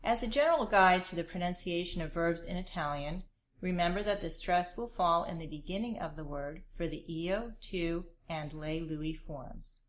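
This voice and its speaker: A woman narrating a scripted language lesson, explaining grammar in a clear, measured way. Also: fairly low pitch. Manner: clear, measured instructional delivery. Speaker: language teacher.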